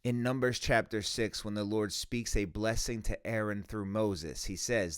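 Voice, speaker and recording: Emphatic low-voiced man teaching scripture. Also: steady tone, a little slow, hardly any pauses, smooth. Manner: emphatic, argumentative, quoting scripture. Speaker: Christian video host reacting to a clip. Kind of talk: reaction commentary and Bible teaching.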